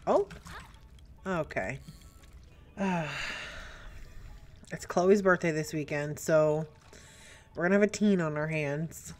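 Woman doing let's play commentary, laid-back pace, chatty, squeals when excited. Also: sits low, slow pace, long pauses. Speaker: gaming YouTuber. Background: faint game music.

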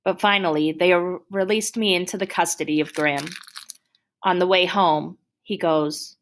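A woman reading a novel aloud in first person with a steady, plain storytelling manner. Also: lowish voice, normal speed, slight background noise. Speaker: audiobook reader.

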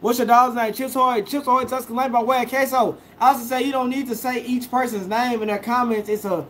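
A man's voice: very high voice, steady tone, quick pace, a bit bright, slight background noise. A young man, a food vlogger, chatting casually on a live stream, reading viewer comments aloud and answering each one.

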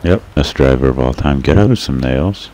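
A man giving casual let's-play commentary as he plays, joking sarcastically at his own expense and bursting into excited shouts at the game. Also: very deep voice, moderate pace, slight background noise. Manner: sarcastic, self-mocking joking. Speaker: gameplay commentator.

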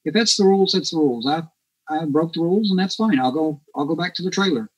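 A man's voice: a little high, fast talker, husky, low-quality recording. A man guest on a podcast, telling a story casually and acting out the dialogue with lots of energy. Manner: animated, acts out quoted dialogue.

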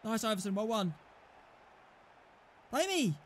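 A young man commentating his football video game match, excitable and often shouting and swearing at his teammates. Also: very high voice, moderate pace, slight background noise. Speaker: gaming YouTuber. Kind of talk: live gameplay commentary.

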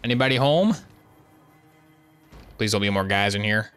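Bright-voiced joking gaming streamer man. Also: mid-range voice, lively intonation, normal speed, long pauses, smooth, no echo, studio quality, soft background music. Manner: joking, playful banter at the game. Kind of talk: live gameplay commentary.

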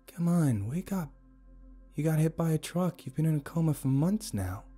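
A young maid coaxes someone awake in a soft, hushed voice as a male narrator puts her on. Her tone is gentle and a touch higher than his own. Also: lively intonation, normal speed, husky, soft background music. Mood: coaxing. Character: weary young woman, a maid.

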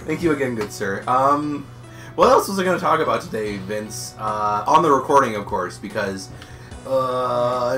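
A young man hosts a gaming session, joking and laughing with friends in a loose, goofy way. His pitch swings widely from phrase to phrase. Game music runs underneath his voice. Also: expressive, moderate pace, sharp tone. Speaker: gaming video host. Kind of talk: casual comedic gameplay chat.

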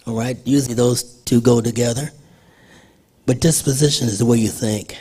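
A man's voice: medium pitch, steady tone, normal speed, dark tone, breathy edge. An older man preaching a sermon in church in a conversational way, asking the congregation questions. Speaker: pastor.

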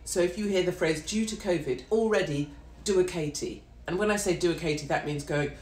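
A woman's voice: lowish voice, brisk, darkish tone. A woman, hosting a blunt, profane and mocking ranting monologue. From Britain. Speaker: host. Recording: echoey room.

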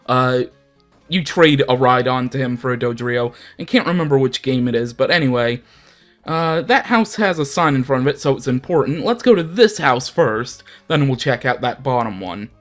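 Young male gaming host, casual and rambling, lively swings in pitch. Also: normal speed, faint music behind. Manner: chatty, rambling, self-deprecating. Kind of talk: casual let's play commentary.

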